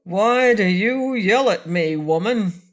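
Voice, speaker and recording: A solitary male ferryman from a children's storybook, grumpy and withdrawn yet full of remorse, as a woman reader puts him on. He speaks plainly and a little louder than the narration. The delivery is a gentle, read-aloud story voice. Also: lowish voice, a little slow, lightly acted. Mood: irritated. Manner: gruff, then mournful confession.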